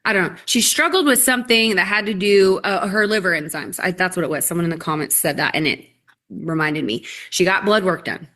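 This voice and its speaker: A woman's voice: on the low side, fairly quick, sharp tone. A woman sharing her customer story on a live call, enthusiastic and rambling, with lots of "like"s. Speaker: guest customer sharing a testimonial. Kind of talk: casual live-call chat.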